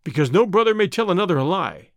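A man voicing a cool, cocky young outlaw who answers calmly, quickly and slyly in an audiobook. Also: high voice, dry recording, clean studio sound. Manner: calm, quick, sly answers.

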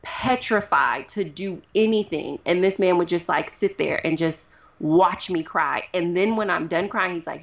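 A woman speaking as a guest in a casual interview, animated and full of "like" fillers. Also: lowish voice, measured pace, lo-fi sound. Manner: animated, uses many fillers like "like".

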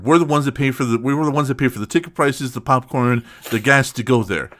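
A man's voice: mid-range voice, fast, fairly bright tone. A man hosting a casual podcast, teasing and arguing back. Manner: teasing, argumentative, laughs often.

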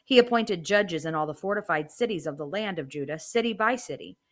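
A woman hosting a Bible reading podcast, reading the text aloud and dropping in brief casual asides, slowing down for quoted lines. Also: on the low side, expressive, fairly bright tone.

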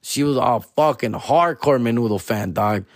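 A man's voice: medium pitch, normal speed, no room sound, studio quality. A man, a comedian host riffing in a profane, slangy monologue and ending lines with "fool" and "dog". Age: 40s.

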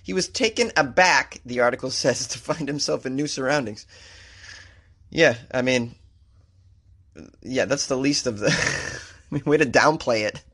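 A man's voice: mid-range voice, a little slow, pauses often, fairly bright tone, husky. A man from Massachusetts hosting a comedy show, riffing sarcastically on strange news stories and laughing at his own jokes.

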